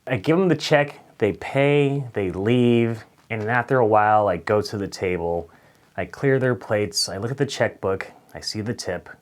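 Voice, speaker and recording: A young man telling a funny story straight to camera, swinging from loud acted-out outbursts to low mutters. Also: normal speed. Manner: animated, swings between loud outbursts and mutters, acts out voices. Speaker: storyteller vlogger.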